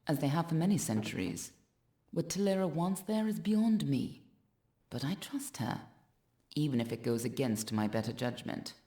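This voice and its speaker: A woman with a southern English accent voicing a solemn, loyal quest-giver in a video game, speaking in a measured, formal way. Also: low voice, expressive, mellow. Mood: grave. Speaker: game character.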